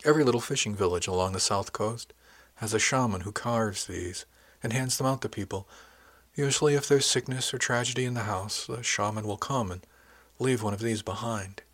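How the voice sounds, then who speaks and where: Low, husky male audiobook narrator. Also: a little fast, a bit bright. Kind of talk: first-person audiobook narration.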